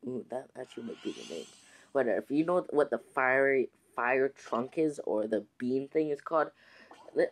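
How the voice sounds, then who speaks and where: A man hosting his own gaming channel, chatting casually to viewers in a rambling way with many restarts and fillers. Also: mid-range voice. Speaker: gaming YouTuber host. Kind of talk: casual let's-play commentary.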